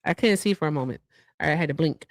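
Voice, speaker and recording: A woman's voice: low-pitched, racing, no room sound. A woman co-hosting a livestream show, chatting casually and reading out viewer thank-yous with asides. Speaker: livestream co-host.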